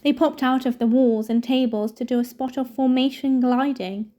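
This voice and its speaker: Woman reader, storybook narration, mellow tone, fairly high voice. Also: fairly even intonation, moderate pace. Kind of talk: reading a novel aloud.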